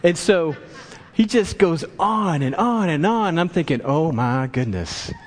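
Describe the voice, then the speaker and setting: In a church with long hall reverb, a male pastor delivers a sermon built around a story, performing the quoted voices himself. He has a high, husky voice with lively intonation and speaks a little slowly.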